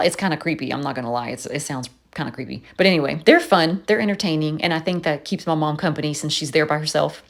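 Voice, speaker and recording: A woman's voice: fairly low pitch, normal speed. A woman chatting casually in a voice-over, telling stories and laughing often. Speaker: planner vlogger.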